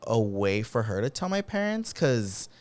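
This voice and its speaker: A man's voice: medium pitch, very animated, measured pace, darkish tone. A young man co-hosting a podcast, retelling stories animatedly, acting out quotes and mixing in Spanish slang. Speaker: podcast co-host. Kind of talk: casual chat.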